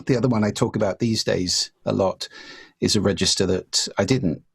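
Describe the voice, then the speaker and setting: A man talking as an interview guest, reflecting calmly on public speaking and acting out examples as he explains. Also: lowish voice, normal speed, gravelly, slightly rough. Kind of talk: casual conversation.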